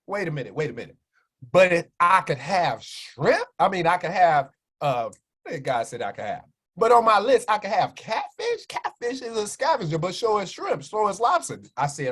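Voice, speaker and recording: Animated preachy man. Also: high-pitched, normal speed, husky. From Chicago, USA. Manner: animated, keeps asking "right?" for agreement. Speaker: minister and wellness speaker on a livestream. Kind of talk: preachy health talk to a live chat.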